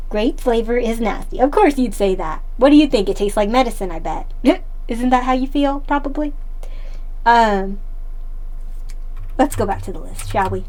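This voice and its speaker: A woman live-streaming in casual chat, playful and talkative, answering her chat and laughing often. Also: on the high side.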